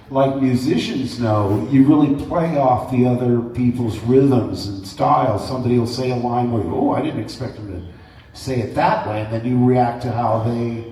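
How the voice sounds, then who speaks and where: A man's voice: medium pitch, distant mic, a little hiss or hum. Man telling stories in an echoey hall. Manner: animated, acts out voices, laughs often. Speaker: convention panel guest. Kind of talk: anecdotal storytelling to an audience. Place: large convention hall.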